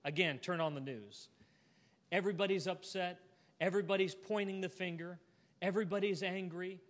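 A man preaching a sermon to a church congregation, earnest and heartfelt, ending in a gentle invitation. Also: high-pitched, steady tone, normal speed. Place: church auditorium. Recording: long hall reverb.

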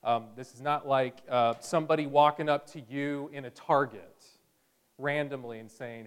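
A man's voice: mid-range voice, steady tone, normal speed, clean tone. A male pastor preaching a sermon in a conversational way, with bursts of energy.

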